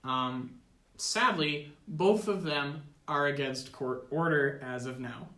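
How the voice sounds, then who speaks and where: Bright-voiced teen boy telling a dramatic tale. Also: on the high side, takes it slowly. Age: teens. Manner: dramatic, earnest storytelling. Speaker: tabletop game player. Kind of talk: in-character role-play storytelling. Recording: echoey room.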